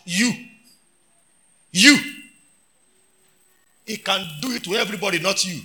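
Nigerian male preacher, bright ringing tone, high pitch, shouts for emphasis. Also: normal speed, creaky, pauses often. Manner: preaching with shouted emphasis and storytelling, Pidgin phrases. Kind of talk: sermon.

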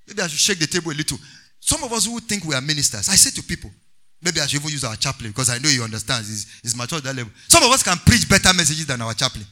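A man's voice: a little high, expressive, racing, pushed and bright. A man preaching a sermon in an emphatic, sing-song way, calling on the congregation to respond.

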